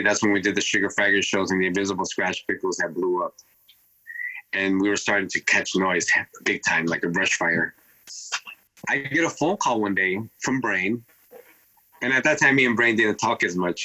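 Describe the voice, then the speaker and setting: A man in his fifties, a turntablist guest telling a rambling, animated story and acting out what people said. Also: sits low, brisk, rough recording. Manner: rambling, animated retelling with acted-out quotes. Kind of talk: casual storytelling.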